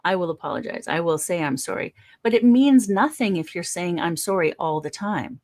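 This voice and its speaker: A woman from Canada co-hosting a spiritual livestream, chatting casually with an expressive, laughing delivery over a video call. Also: lowish voice, moderate pace. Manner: expressive and laughing, with lively shifts in tone.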